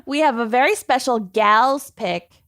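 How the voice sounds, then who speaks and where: A woman's voice: fairly high pitch, a little slow, fairly bright tone, no echo, studio quality. A woman co-hosting a podcast, chatting casually in a bubbly, playful way. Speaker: podcast co-host. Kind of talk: casual chat.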